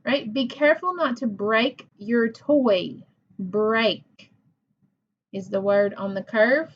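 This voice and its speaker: A slow-talking woman with a fairly high voice teaches phonics to young children. She sounds out each syllable patiently and praises answers warmly. The recording is dull and lo-fi. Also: slight background noise. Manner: patient, encouraging, sounds words out.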